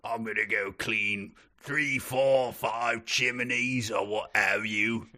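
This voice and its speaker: A man's voice: lowish voice, fairly even intonation, slow, bright, forceful tone. A man putting on a petty, bickering teenage boy with a fake refined British accent, trading silly insults.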